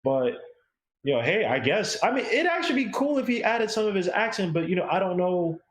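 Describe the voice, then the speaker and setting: A man's voice: high-pitched, sing-song, brisk, echoey room. A man co-hosting a casual music review, talking in a rambling, chatty way. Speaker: co-host.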